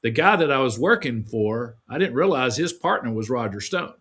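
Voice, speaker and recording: A man speaking at an ordinary mid pitch, chatting through an interview. He rambles in a folksy way, starting sentences over as the stories pile up. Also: expressive, normal speed, a bit bright, breathy edge. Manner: rambling, folksy storytelling with restarts. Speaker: guest. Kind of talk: casual interview conversation.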